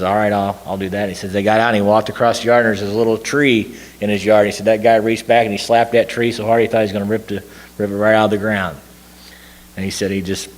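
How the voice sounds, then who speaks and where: A man telling a long personal story to a recovery group, rambling with fillers and restarts. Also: fairly low pitch. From Tennessee. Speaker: recovery meeting speaker. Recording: long hall reverb.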